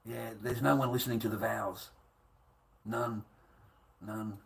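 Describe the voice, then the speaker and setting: A man's voice: lowish voice, fairly even intonation, measured pace, vocal fry, low-quality recording. Swearing man ranting. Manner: coarse, swearing, repetitive. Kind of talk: ranting monologue to camera.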